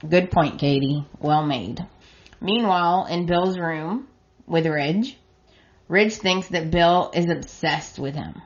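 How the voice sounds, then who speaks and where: A woman's voice: on the low side, steady tone, unhurried, lo-fi sound. A woman podcast host giving a plain retelling of soap opera episodes and reading out the characters' lines.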